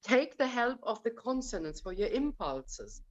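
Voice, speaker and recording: A woman's voice: fairly high pitch, sing-song, unhurried, dull audio. A woman coaching an opera singer in a masterclass. She is direct and insistent, and she calls the singer darling. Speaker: vocal coach.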